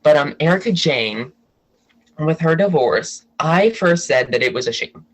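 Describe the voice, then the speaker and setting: A man guesting on a podcast, telling gossip in an animated way and acting out what people said. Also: on the high side, measured pace, rough recording. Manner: animated storyteller, acts out quotes. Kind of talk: casual gossip chat.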